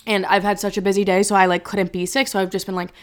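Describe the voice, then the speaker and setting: A woman's voice: medium pitch, fast talker, clean tone. A woman hosting a solo podcast, talking casually in a blunt, swearing, rambling way. She is sick and running on caffeine. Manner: blunt, profane, rambling and animated. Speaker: podcast host.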